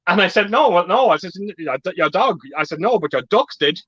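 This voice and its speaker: A man's voice: high voice, lively intonation, a little fast, few pauses, bright, forceful tone, muffled recording. A man hosting a casual group chat, telling stories with lots of swearing and laughter. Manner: swearing storyteller, laughs often. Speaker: host.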